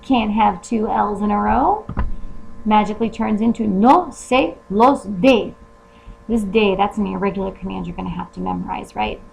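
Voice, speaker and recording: A woman's voice: mid-range voice, steady tone, a little fast, vocal fry, a little mellow, a little hiss or hum, rough recording. A woman teacher explaining Spanish grammar step by step in a recorded lesson, often asking rhetorical questions.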